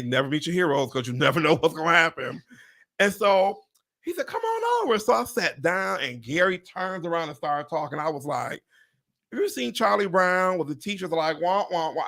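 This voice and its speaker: A man hosting a livestream chat, telling a story with excitement, acting out what people said, swearing and laughing often. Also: on the high side, normal speed. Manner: animated, acts out quotes, swears, laughs often. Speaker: real estate agent and livestream host.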